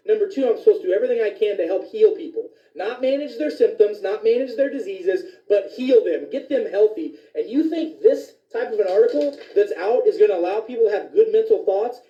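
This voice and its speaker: A man who is a physician, ranting indignantly with profanity in a commentary video. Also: high voice. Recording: distant, echoey, dull lo-fi sound.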